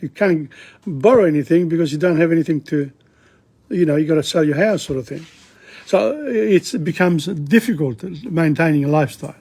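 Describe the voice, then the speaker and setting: A man teaching a language lesson, reading a dialogue line by line and translating it, chatty and halting with frequent asides. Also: on the high side, a little mellow, slightly rough.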